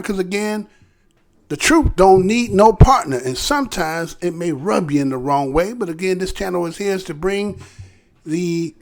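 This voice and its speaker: A man hosting his own commentary channel, talking loosely with many fillers and tag questions. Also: a little high. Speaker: channel host. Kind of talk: casual news commentary.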